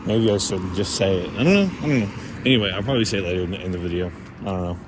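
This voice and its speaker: A young man with a lowish voice rambles through a casual vlog, self-conscious and full of restarts. Traffic and street sounds run clearly underneath. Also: animated, racing. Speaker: vlogger. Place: outdoors by a street. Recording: outdoor street noise behind.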